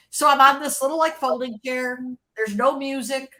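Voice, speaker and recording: An older woman recalling her years in album design, telling anecdotes in a lively, animated way and laughing often. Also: high voice, normal speed. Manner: animated, laughs often, acts out quoted voices. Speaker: interview guest, former record label creative director. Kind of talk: casual storytelling.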